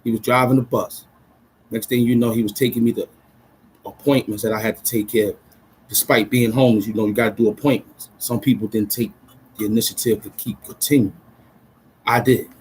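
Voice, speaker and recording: An adult man from Brooklyn, chatting casually on a livestream in an excitable, rambling way full of street slang. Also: on the low side, a little fast, a little hiss or hum, low-quality recording. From Brooklyn, New York. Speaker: vlogger.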